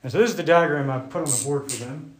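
A preacher with a voice on the high side gives an unhurried, conversational sermon to a congregation. He thinks aloud with restarts while drawing on a board.

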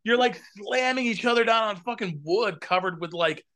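A man's voice: high-pitched, moderate pace. A man in his forties chatting casually as a podcast guest, swearing freely and acting out quotes as he tells stories. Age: 40s. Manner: profane, animated storytelling with acted-out quotes. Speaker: podcast guest, band vocalist. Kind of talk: casual chat.

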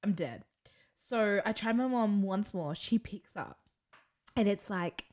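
Animated young woman telling a story. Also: medium pitch, moderate pace. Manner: animated, dramatic retelling with frequent laughter. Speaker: podcast co-host. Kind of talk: casual chat, storytelling.

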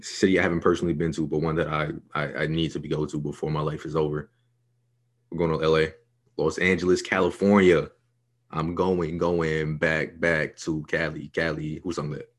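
A young man from New York with a bass voice and a level tone speaks fast while co-hosting a podcast. In casual banter he hypes his picks with plenty of swearing and a swaggering attitude.

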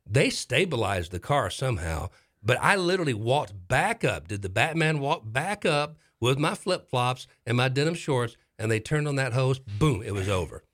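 A middle-aged man with a mid-range voice hosts a talk show and tells a dramatic story. He's informal and lively, repeating certain phrases to make them land.

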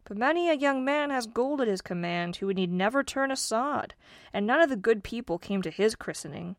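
A woman's voice: fairly high pitch, animated, fairly quick, no echo, pitched above the performer's own voice. A woman voicing a greedy, impatient young male farmer in a storybook reading, with an eager, demanding manner in a dry room.

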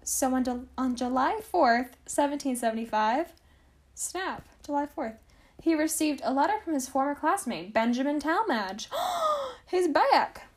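A young woman hosting a podcast from home, casually telling a history story, chatty and full of "like" and self-corrections. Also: sits high. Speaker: podcast host.

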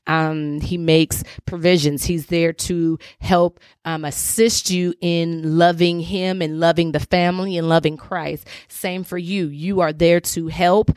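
A woman's voice: fairly low pitch, dry recording, clean studio sound. A woman hosting a faith-based talk show, giving direct, emphatic advice to wives in an informal, preachy way. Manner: informal, addresses listeners as y'all. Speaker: podcast host.

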